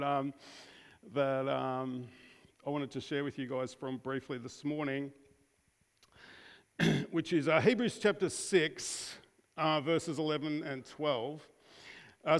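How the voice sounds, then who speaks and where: An Australian man giving a casual sermon to his congregation, talking informally with many restarts and often putting questions to the room. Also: a little high. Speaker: preacher. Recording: long hall reverb.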